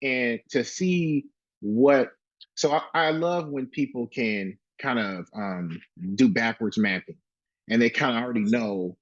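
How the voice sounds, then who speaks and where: A man hosting an interview, enthusiastic but halting, with frequent restarts. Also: medium pitch, no room sound. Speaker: podcast host. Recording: dry, slightly dull sound.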